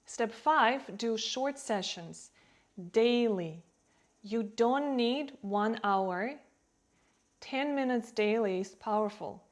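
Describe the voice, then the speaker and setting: A woman teaching English in a calm, unhurried voice that sits a little high. She lays heavy stress on key words so learners can hear the rhythm. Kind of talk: slow, clear teaching delivery.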